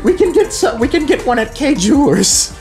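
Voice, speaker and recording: A young man doing a squeaky, excitable young guy. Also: brisk, faint music behind, heavily acted. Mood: flustered. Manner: high squeaky put-on voice. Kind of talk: homemade toy-figure cartoon voice acting.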